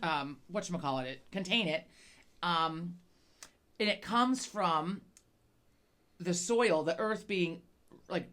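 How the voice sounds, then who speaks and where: The co-host's voice is on the low side and a bit bright, and she takes things slowly with frequent pauses. Her casual podcast chat wanders, is laced with profanity, and is marked by repeated stammering.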